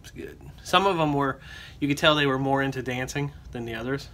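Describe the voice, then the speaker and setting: A man's voice: medium pitch, fairly quick, sharp tone, slight background noise. A man chatting casually and teasing his companion while vlogging on board a cruise ship. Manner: joking, teasing. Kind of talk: casual travel vlog chat.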